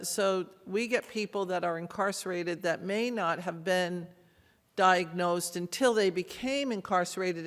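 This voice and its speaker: A man speaking as a panelist in a measured, earnest way, with many fillers. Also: high-pitched. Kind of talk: panel discussion remarks. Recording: long reverb of a hall.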